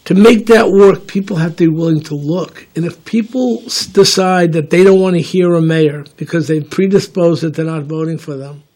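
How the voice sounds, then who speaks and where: High-voiced older man discussing politics. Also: normal speed, few pauses, darkish tone. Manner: rambling, repeats words, tells anecdotes. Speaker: political commentator.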